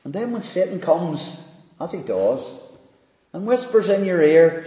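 Slow, emphatic preacher man in an echoey hall. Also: high-pitched, sing-song. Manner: slow, emphatic preaching with sweeping rises and hushed drops. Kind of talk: sermon. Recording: dull, echoey hall recording.

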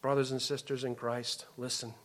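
A man preaching a sermon as a pastor, impassioned, swinging from loud emphasis to soft, hushed lines. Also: medium pitch, level tone, normal speed.

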